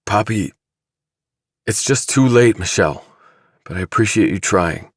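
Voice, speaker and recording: A man's voice: fairly low pitch, lively intonation, measured pace, slightly rough, no room sound, clean studio sound, pitched above the performer's own voice, exaggerated voice. A male narrator playing a defensive, cornered young man in an audiobook, speaking in tense, snapping lines. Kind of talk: audiobook dramatization.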